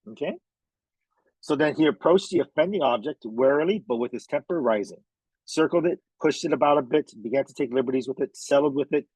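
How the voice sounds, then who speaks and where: A man's voice: mid-range voice, a little mellow, slightly rough, no echo, low-quality recording. A man tutoring a reading lesson in a casual way, constantly checking in with "okay?" and "right?" as he walks through a passage. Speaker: test prep tutor.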